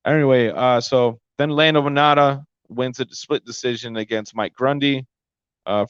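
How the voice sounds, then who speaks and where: A man's voice: mid-range voice, clean tone, no room sound. Guy rambling thru a fight recap on his podcast, close dry mic, kinda lo-fi. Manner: rambling, stumbles over names. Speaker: podcast host. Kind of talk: casual fight recap monologue.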